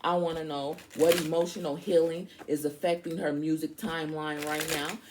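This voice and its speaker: A woman's voice: low voice, noisy background. Outspoken woman giving a casual tarot reading. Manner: chatty, addresses listeners directly. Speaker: tarot reader.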